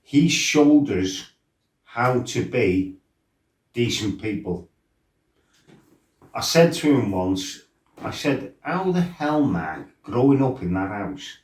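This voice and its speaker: A middle-aged man tells rough stories from his life in a blunt, sweary, animated way. His voice sits at an ordinary pitch for a man. The room rings noticeably, and he sounds a little way off the mic. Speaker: former fighter telling his life story. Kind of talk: casual storytelling interview. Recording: roomy, mic set some distance off.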